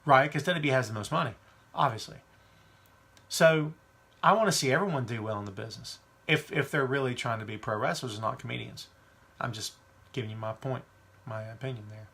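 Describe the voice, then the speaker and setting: He talks a little fast at medium pitch, his voice gravelly and sharp with a breathy edge. Hosting his wrestling podcast, he's chatty and full of strong views as he works through live chat questions from viewers.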